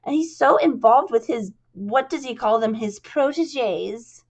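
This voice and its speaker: A woman voicing a naive young chorus girl with a squeaky, grating voice and eager, breathless pleading. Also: lively intonation, unhurried, a little mellow.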